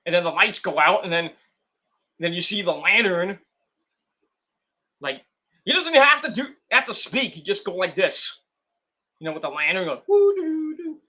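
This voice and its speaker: A young man hosting a wrestling stream, rambling in casual commentary and acting out scenes with quick put-on voices. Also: high-pitched, expressive, pushed and bright.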